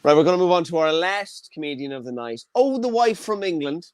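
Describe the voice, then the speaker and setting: A man's voice: a little high, expressive, fairly quick, clear, resonant tone, no echo. A man hosting an online comedy show over a video call, blunt and teasing with the comedians.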